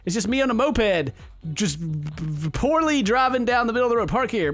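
Lively, joking man narrating gameplay. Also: sits high, normal speed, music in the background. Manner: animated and jokey, laughing often, sarcastic asides. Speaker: let's play gamer. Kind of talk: comedic gameplay commentary.

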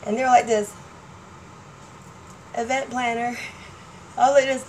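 A woman talks straight to her audience in an excitable, chatty way, her voice sitting a little high. She laughs often as she goes. A faint hum of room noise stays underneath. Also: measured pace, rough recording. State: partially deaf. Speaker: vlogger. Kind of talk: casual chat to camera.

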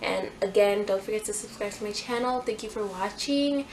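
A woman's voice: mid-range voice, moderate pace, a little mellow, a little hiss or hum, rough recording. A young woman hosting a casual clothing haul vlog, chatty and gushing, with lots of fillers. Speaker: fashion YouTuber.

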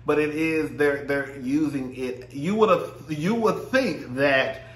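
A man's voice: on the high side, slow, reverberant. A man casually recapping a reality show, sassy and profane, laughing often and mimicking the cast. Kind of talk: casual chat.

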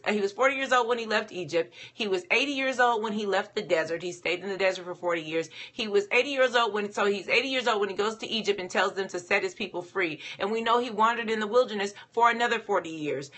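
A woman teaches a devotional in an easygoing, conversational way, pausing with fillers. Her voice is bright and ringing. She recorded it herself, close to the camera mic. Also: medium pitch. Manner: conversational, many fillers, paraphrases scripture in lively voices. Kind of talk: casual Bible devotional teaching.

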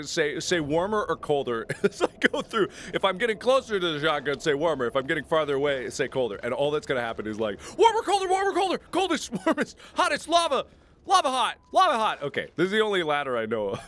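A man in his twenties playing a game and chatting jokily with his viewers in an excitable way. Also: a little high, a little hiss or hum. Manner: excitable, jokey, talks to viewers. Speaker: gaming host. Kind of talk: let's play commentary.

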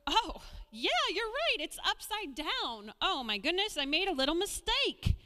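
A woman giving a children's sermon in a church sanctuary, talking gently and playfully to small children. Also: extremely high pitch, sing-song, unhurried, in a large hall. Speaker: children's message leader.

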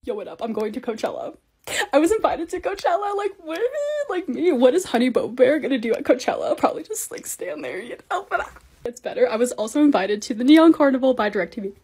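A young woman narrates her own lifestyle vlog in a bubbly, chatty way and gets excited easily. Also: high voice, fast, husky. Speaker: lifestyle content creator. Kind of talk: casual vlog voice-over.

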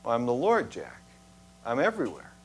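A man preaching in a church, voicing God in a story, speaking calmly, slowly and reassuringly. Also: mid-range voice, slightly rough. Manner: calm, slow, gently reassuring. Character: calm, patient God speaking from above. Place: church sanctuary.

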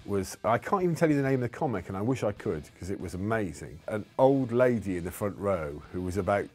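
Casting: low-voiced man, comedian type, meandering anecdotes, faint music underneath. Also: expressive, quick pace, a little mellow, breathy edge. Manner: rambling, self-correcting storyteller. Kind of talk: casual interview chat.

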